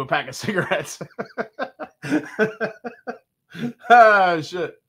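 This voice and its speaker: With a slightly high, bright, and forceful voice at normal speed, a man runs a live whiskey-tasting show. He cracks jokes, curses, and reads out what viewers write in the chat.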